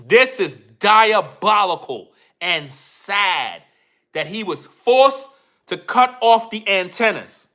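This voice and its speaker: High, forceful male commentator. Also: lively intonation, takes it slowly. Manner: emphatic, repetitive, keeps addressing viewers. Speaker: YouTube commentator. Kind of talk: commentary rant.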